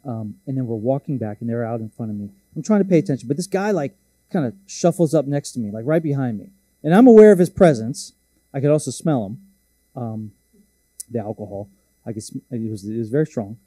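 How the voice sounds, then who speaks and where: A man's voice: medium pitch, animated, brisk, warm tone, no room sound. A man preaching a sermon, telling a story in a casual, joking, self-deprecating way. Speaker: pastor.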